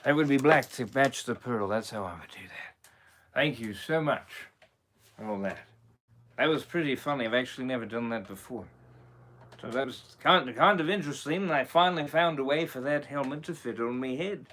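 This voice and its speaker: A man's voice: mid-range voice, moderate pace, fairly bright tone. A man impersonating a swaggering, rum-loving male pirate captain, chatting on a live stream in playful mock pirate talk. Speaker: character impersonator. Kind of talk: live stream chat in character.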